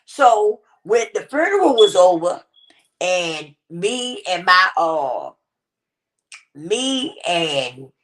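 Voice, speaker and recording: A middle-aged woman talking casually into her own vlog, retelling a family story with animated back-and-forth and a habit of repeating "I said.". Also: fairly low pitch, very slow. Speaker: vlogger.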